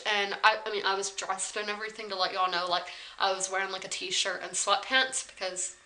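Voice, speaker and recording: A woman's voice: mid-range voice, steady tone, fairly quick, hardly any pauses, bright, forceful tone, poor audio. A woman in her twenties from South Carolina telling a story to the camera in a casual, rambling vlog style, full of "like" fillers. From South Carolina, USA. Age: 20s. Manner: chatty, rambling, many "like" fillers. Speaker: vlogger. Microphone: camera on tripod.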